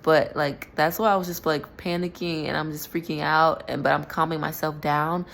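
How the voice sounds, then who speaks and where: A young woman with a notably low voice talks through a personal story in a loose, rambling way, stopping and restarting often. A faint hiss sits under the recording. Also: fairly even intonation, normal speed, gravelly, fairly bright tone. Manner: rambling, filler-heavy, self-correcting. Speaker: spiritual vlogger. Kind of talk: casual storytelling monologue.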